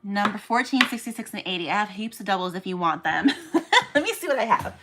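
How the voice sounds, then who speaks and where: A chatty woman talks to her viewers as she works, teasing herself and counting things aloud. Her voice sits at a middle pitch. A steady noise hums under the recording. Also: fast talker. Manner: chatty, self-mocking, counting aloud while packing. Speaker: small online shop owner. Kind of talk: casual vlog chat to viewers.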